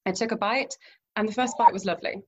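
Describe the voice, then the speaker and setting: A woman guest in an interview, telling a lively anecdote and acting out what people said, laughing often. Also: medium pitch, fast talker, highs cut off. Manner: animated anecdote with acted-out quotes, laughs often. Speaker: guest, romance event planner. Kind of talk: storytelling in an interview.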